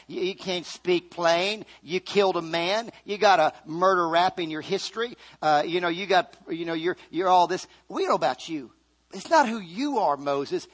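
Animated high-pitched male preacher. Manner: animated, shouts and repeats for emphasis; acts out scripture quotes in voices. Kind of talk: sermon.

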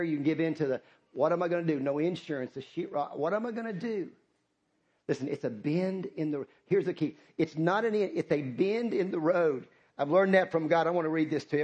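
A man's voice: a little high, a little mellow, highs cut off. A middle-aged man, preaching a sermon as pastor, impassioned and repetitive, calling out to the congregation.

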